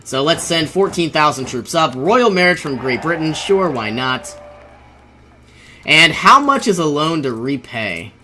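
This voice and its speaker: With a higher, sharp-toned voice, the let's play host comments casually on the strategy game he is playing. He thinks out loud, frequently laughing and getting exasperated.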